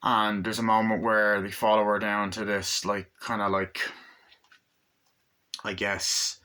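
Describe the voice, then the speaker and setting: Excitable swearing man retelling a movie. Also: fairly low pitch, a little slow. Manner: rambling, profane, excited scene-by-scene retelling. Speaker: movie reviewer. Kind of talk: casual film review.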